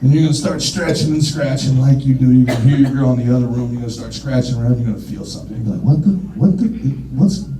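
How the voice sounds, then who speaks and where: A man performing a stand-up comedy set in front of a live audience, shouting punchlines and acting out quoted voices. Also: mid-range voice, steady tone, racing, hardly any pauses. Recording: roomy, distant mic with crowd noise.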